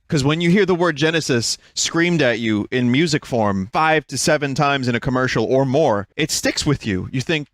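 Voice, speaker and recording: A man in his thirties, a streamer giving casual, profane and excitable reaction commentary, laughing often. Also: mid-range voice, normal speed, hardly any pauses, no echo, studio quality.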